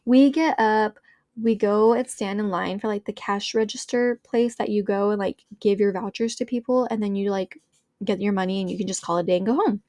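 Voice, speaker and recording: A young podcast host with a medium-pitched, darkish voice speaks steadily and a little fast in a studio-quality recording with no room sound. She tells a story in a bubbly, chatty way, leaning on filler "like" and addressing her listeners directly as y'all.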